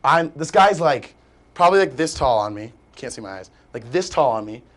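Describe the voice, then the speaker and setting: This young guest spins out a long, rambling story in a casual chat, full of animation and with "like" nearly every other phrase. He talks at a normal speed in a medium-pitched voice.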